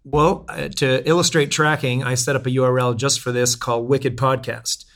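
A man of ordinary pitch talks through numbers on a podcast. His explanations are plain and practical, and he has a relaxed conversational ease. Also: moderate pace. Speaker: podcast guest, software founder. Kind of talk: casual podcast chat.

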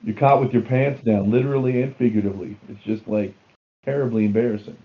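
A man's voice: medium pitch, fast talker, breathy edge, highs cut off. A man co-hosting a podcast from a remote mic, reacting easily to his partner's stories. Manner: relaxed, reactive conversational partner. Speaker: podcast co-host and editor. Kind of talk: casual chat.

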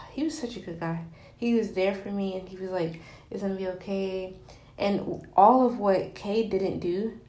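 A woman's voice: medium pitch, dark tone. Young woman telling a personal story, echoey room. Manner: candid, rambling, many fillers and restarts.

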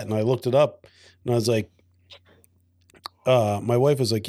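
A man's voice: mid-range voice, fairly even intonation, normal speed, pauses often, mellow. A man co-hosting a podcast in casual chat over a beer, laid-back and dry-humored, with hesitant "um"s and "uh"s. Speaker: podcast co-host.

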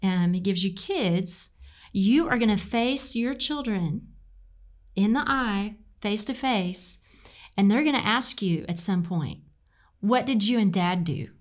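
A woman's voice: medium pitch, expressive, slow pace. Earnest Southern woman giving advice. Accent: Southern US, Arkansas. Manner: earnest, encouraging, drawls "y'all". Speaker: co-host. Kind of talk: casual advice chat.

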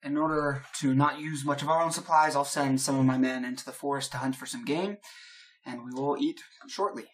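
A man's voice: fairly even intonation, fairly quick, natural voice, rough recording. A man doing a wary ship captain woman. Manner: low, hushed and cautious.

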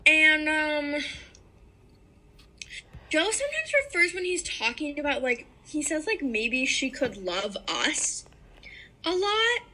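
Bright-voiced young woman rambling in chat. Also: sits high, sing-song, slow pace, long pauses, rough recording. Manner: rambling, many "like"s, insistent. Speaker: podcast co-host. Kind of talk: casual book discussion chat.

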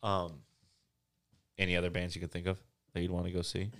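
A man's voice: low voice, completely flat delivery, a little fast, fairly bright tone. A man hosting a casual comedy podcast, joking around, laughing often and breaking into silly sung bits. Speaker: podcast host.

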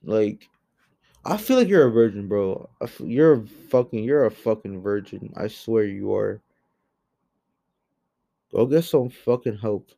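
A young man giving a heated, profane rant into a home microphone, swinging between loud outbursts and low muttering. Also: lively intonation, unhurried, gravelly, pauses often, dry recording. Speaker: commentary host. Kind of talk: angry ranting commentary.

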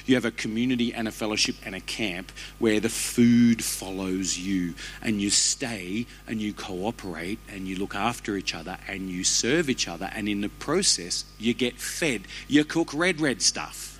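A man, preaching a sermon as a pastor with animated, humorous storytelling. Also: on the low side, moderate pace, hardly any pauses, a little hiss or hum.

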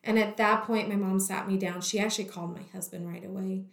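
A woman with a medium-pitched, steady voice and some vocal fry talks fast as a guest sharing her own story, candid and full of "like" fillers. The room is echoey.

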